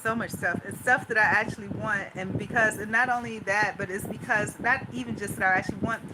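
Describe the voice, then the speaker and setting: A woman vlogger talks through her worries in a rambling, run-on way, anxious and restless. Her pitch sits in a middle range. A steady hiss of background noise runs under the recording. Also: fairly quick. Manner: anxious, talks things out in loose run-on asides. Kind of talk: rambling personal venting monologue.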